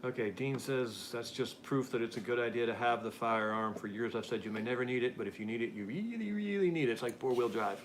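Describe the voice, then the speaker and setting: A man's voice: mid-range voice, fast, hardly any pauses, background noise. An American man hosting a casual live-stream chat, reading viewer comments aloud and laughing often. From United States. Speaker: podcast host.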